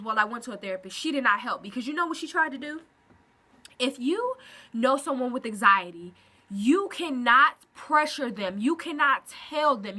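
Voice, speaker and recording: Bright, expressive young woman vlogging. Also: on the high side, slight background noise. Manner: expressive, animated storytelling with quick asides. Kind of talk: casual vlog talk to camera. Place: at home, indoors.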